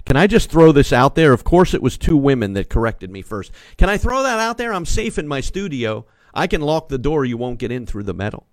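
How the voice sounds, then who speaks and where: A man's voice: mid-range voice, sing-song, brisk, hardly any pauses, dry recording. Emphatic male pastor preaching from a studio. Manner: emphatic, repeats key phrases, calls on listeners. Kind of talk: sermon. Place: small studio.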